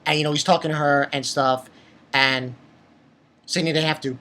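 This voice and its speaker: An animated woman, full of exclamations and curse words, excitedly reviews an anime episode. Her voice is low and her pace moderate.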